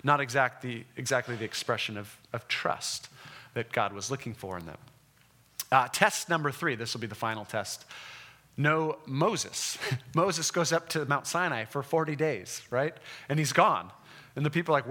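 A man teaching a Bible lesson in a lively, conversational way, checking in with his listeners. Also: medium pitch, normal speed. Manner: animated, acts out the Israelites' complaints. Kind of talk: classroom Bible lecture.

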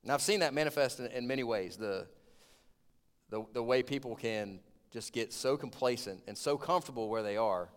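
A man, preaching a sermon as a lively storyteller who gets loud when retelling scenes. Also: mid-range voice, normal speed, smooth. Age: 20s. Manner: storytelling, animated, rising to shouts in retold scenes. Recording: long hall reverb.

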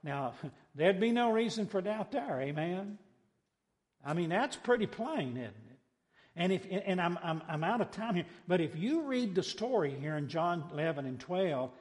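Animated preaching man in a reverberant hall. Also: high voice, normal speed. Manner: animated preaching, swinging between soft asides and loud cries. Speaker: pastor. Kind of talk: sermon.

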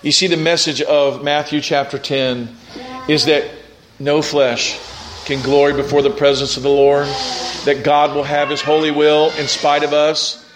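A man preaching a sermon and leading a prayer as pastor, impassioned and climbing to high, fervent peaks. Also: flat delivery, unhurried, a little hiss or hum, poor audio.

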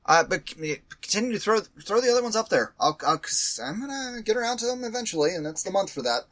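A man's voice: high voice, lively intonation, quick pace, fairly bright tone. A man hosting a casual podcast chat, teasing his co-host, laughing often and running the segments.

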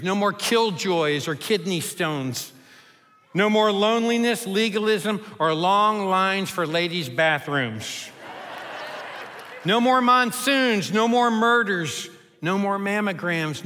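A man's voice: high voice, pushed and bright, big-room sound. A man preaching a sermon as a pastor, building long rhythmic lists with rising and falling intensity.

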